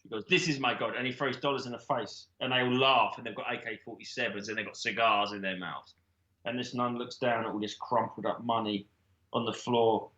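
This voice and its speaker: A man's voice: mid-range voice, fairly even intonation, fairly quick, pushed and bright, reverberant, dull audio. A man, a comedian guest, rambling through an improvised comic story with swearing. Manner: rambling, swearing, laughing a lot.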